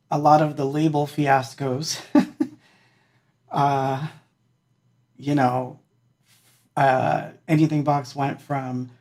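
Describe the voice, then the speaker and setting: A male musician talks to his livestream audience from an indoor room. He rambles casually, full of ums and small laughs, at a medium pitch. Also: darkish tone.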